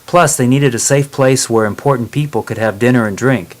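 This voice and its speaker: A man narrating a chapter of a travel novel in a steady, plain reading voice. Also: medium pitch, fairly quick. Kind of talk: storybook narration.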